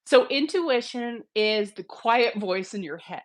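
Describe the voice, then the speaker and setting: Earnest woman explaining gently. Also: a little high, expressive, a little slow. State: slightly sick throat. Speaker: guest. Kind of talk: casual interview chat.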